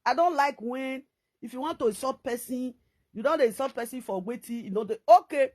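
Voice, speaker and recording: A middle-aged woman with a Nigerian Pidgin accent, ranting to camera in a scolding, repetitive, animated way as a vlogger. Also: high-pitched, brisk.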